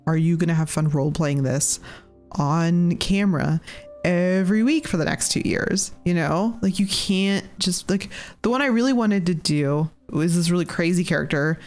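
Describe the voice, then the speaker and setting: A woman's voice: lowish voice, normal speed, darkish tone, faint music behind. Rambling woman chatting while she paints. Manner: rambling, thinking aloud, many "like" fillers. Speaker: artist and cast member drawing on a live stream. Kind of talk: casual live-stream chat while painting.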